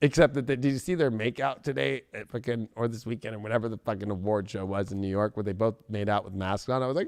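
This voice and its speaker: A man giving a casual tarot reading, profane and joking, bursting into shouts and silly voices. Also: on the low side, fairly even intonation, quick pace, gravelly, hardly any pauses, no room sound, clean studio sound. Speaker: tarot reader.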